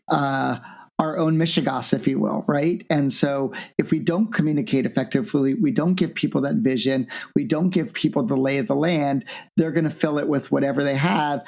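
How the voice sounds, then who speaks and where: A man, a business professor guest on an interview podcast, telling stories in a lively way and acting out quoted people with big jumps in his voice. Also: a little high, moderate pace, creaky. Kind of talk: animated interview storytelling.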